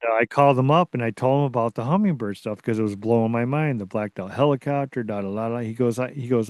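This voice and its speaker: A man being interviewed as a researcher, telling a story in a casual, excitable way that rambles and restarts. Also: medium pitch, fast, hardly any pauses, no echo. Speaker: guest, Bigfoot researcher.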